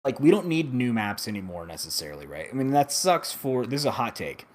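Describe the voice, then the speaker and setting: A man's voice: mid-range voice, very animated, brisk, slight background noise. A man co-hosting a gaming podcast, talking in a rambling, jokey, self-mocking way. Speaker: podcast co-host. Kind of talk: casual gaming chat.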